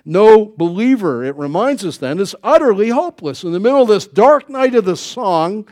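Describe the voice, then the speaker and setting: An older male pastor preaching a sermon in a fairly high voice that rises and falls a lot. He talks in a folksy, conversational way, with joking asides and questions thrown out to the congregation. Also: very animated, moderate pace, a little mellow.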